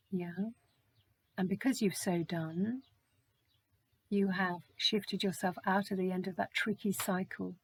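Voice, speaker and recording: A woman's voice: mid-range voice, slightly rough, no echo. A woman doing a spiritual charm reading, gushing and thankful as she thinks aloud. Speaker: oracle reader.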